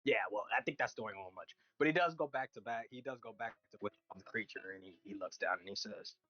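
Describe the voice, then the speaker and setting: A man's voice: fairly low pitch, expressive, quick pace, dry recording, lo-fi sound. A man playing a tabletop game, rambling and thinking aloud as he describes his moves. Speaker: player. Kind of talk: tabletop game play, casual.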